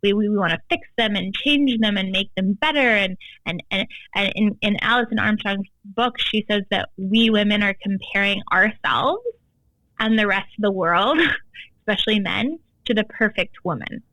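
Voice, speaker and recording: A woman's voice: medium pitch, moderate pace, pushed and bright, dry recording, rough recording. Podcast guest: an emphatic woman coach, casual, with a dry close sound. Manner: emphatic, frequent "like" fillers. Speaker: guest, tantra and embodiment coach.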